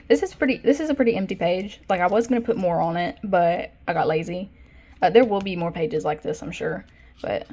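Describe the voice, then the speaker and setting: Speaking in a lowish voice, a young woman who vlogs about art casually shows off her sketchbook. Her rambling is packed with fillers and self-corrections, punctuated by excited bursts about the drawings she likes best.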